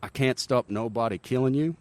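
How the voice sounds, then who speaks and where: A blunt, grinning Texan army pilot, as a man puts him on speaks in a slow, deadpan drawl. His voice sits a little higher and louder than the man's own deep talk. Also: close to an everyday voice. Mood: dry bravado. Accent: put-on Texan.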